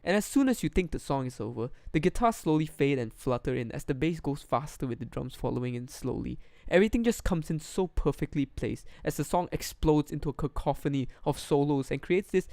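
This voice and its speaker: A man's voice: a little high, a little mellow, no echo. A young man narrating a scripted music album review, enthusiastic and detailed, into a condenser studio microphone at home.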